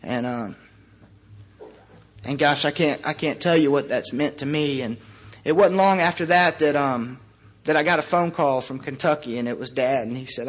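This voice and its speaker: A man in his thirties tells his personal recovery story to a meeting, his voice sitting a little high for a man. He talks in an earnest, halting way, pausing often between phrases. Now and then he slips in a wry joke at his own expense. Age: 30s. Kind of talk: personal recovery story shared before a group. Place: meeting room before a live audience.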